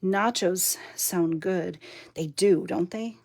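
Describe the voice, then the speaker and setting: Casting note: woman crafting on a live stream, punchy, giggly, gravelly edge to her voice. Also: on the low side, takes it slowly, a little mellow. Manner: chatty and giggly, talks to viewers while working. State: overtired and punchy. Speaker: papercraft demonstrator.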